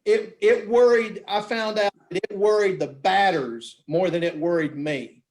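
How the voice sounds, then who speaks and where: A man with a high, light voice tells stories in relaxed conversation. He gets animated, acting out what other people said in his own tale. The talk is easygoing and unhurried. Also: slight background noise. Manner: animated storyteller, acts out voices in quotes. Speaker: guest, beep baseball pitcher. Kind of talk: casual storytelling chat.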